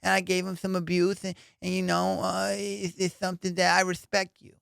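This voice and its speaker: A soft-spoken boxer with a high, boyish voice, as a comedian does him, who stumbles and repeats himself like a little kid. The sound is smooth and close, with no room around it. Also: male voice, monotone, no room sound, full character voice. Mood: respectful. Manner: high, childlike, halting. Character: impression of a famous boxer, soft-spoken man.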